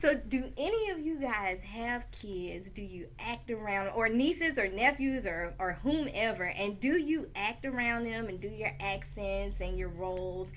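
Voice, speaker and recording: A middle-aged woman hosting a talk show in casual chat, animated and outspoken. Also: mid-range voice, a little slow, hardly any pauses, a little hiss or hum. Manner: animated, outspoken, swears and laughs often.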